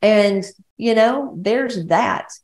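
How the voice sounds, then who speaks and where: A woman from West Georgia with a Southern accent hosts her own podcast as a women's coach, delivering a casual solo monologue. She talks bluntly, rambles, and swears a lot. Her medium-pitched, darkish voice moves extremely slowly in an echoey room.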